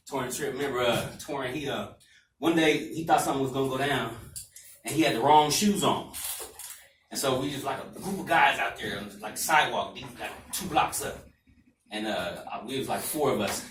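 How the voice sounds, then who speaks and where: Stand-up comic, mid-pitched man, rambling storyteller, club mic far and roomy. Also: moderate pace, a bit bright. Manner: loose, rambling storytelling with asides. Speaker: stand-up comedian. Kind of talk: stand-up set. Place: comedy club stage. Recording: echoey club from far off, faint noise.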